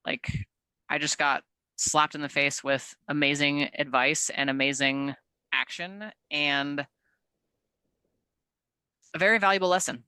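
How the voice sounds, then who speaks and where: Bright, crisp woman on a dry mic. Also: sits low, fairly even intonation, unhurried, pauses often, no room sound. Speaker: business owner. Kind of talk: casual business talk.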